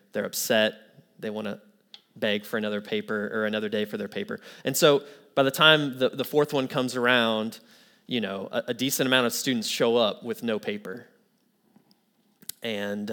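A man's voice: mid-range voice, a bit bright. Man preaching a sermon with a story. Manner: storytelling with quoted voices, then earnest preaching. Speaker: pastor.

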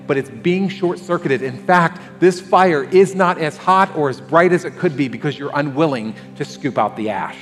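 Animated male pastor preaching in a hall. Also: fairly high pitch, normal speed, hardly any pauses. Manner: animated preaching, acts out scenes. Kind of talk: sermon. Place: church sanctuary. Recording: long hall reverb with faint music.

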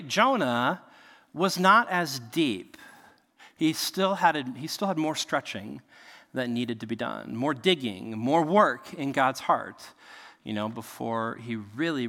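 A man in his thirties preaching a sermon in a conversational, animated way, often checking in with his listeners. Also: medium pitch, creaky, long reverb tail. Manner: conversational and animated, frequent "right?" asides. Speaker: pastor.

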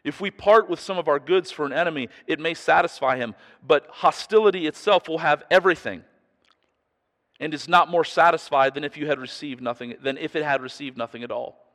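A man's voice: a little high, brisk, fairly bright tone, in a large hall. A man preaching a sermon in an earnest, emphatic way, putting pointed questions to his listeners. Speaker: pastor.

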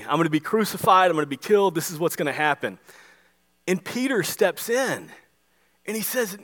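A male pastor preaching a sermon, animated, acting out the voices he quotes. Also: high-pitched. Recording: long hall reverb.

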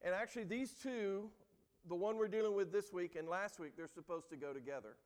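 A man with a high voice speaks fairly quickly, preaching a sermon as a pastor inside a church. He is earnest and emphatic, acting out quoted lines with rising emphasis, and a long hall reverb trails his words.

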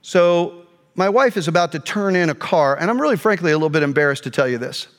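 Animated pastor man in a big hall. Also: a little high, quick pace. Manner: animated, swings from quiet asides to shouting. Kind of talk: storytelling sermon. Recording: long hall reverb.

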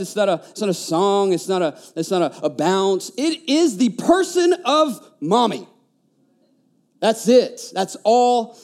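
A man, preaching a conversational sermon, telling stories with lively stammering restarts. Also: sits high. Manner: animated storytelling, stammering restarts. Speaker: pastor.

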